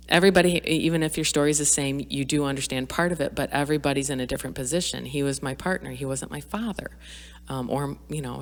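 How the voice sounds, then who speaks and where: In a candid, personal podcast conversation, a middle-aged woman with a low voice reflects openly, her speech full of fillers and restarts. There's vocal fry in her voice, and a long reverb suggests a hall recording.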